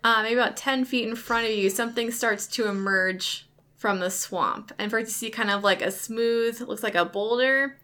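Bright woman gm narrating a tabletop game, lots of likes, kinda rambly. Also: fairly high pitch, moderate pace. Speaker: game master.

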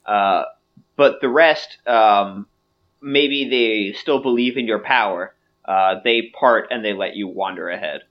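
Man game master, relaxed and loose, on a dull lo-fi mic. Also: fairly low pitch, measured pace. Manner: relaxed, filler-heavy narration. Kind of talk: narrating a tabletop game.

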